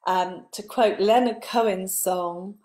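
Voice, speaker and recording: Woman, spiritual coach, live motivational talk, earnest, repetitive lists, soft breathy drops, middle pitch. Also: takes it slowly.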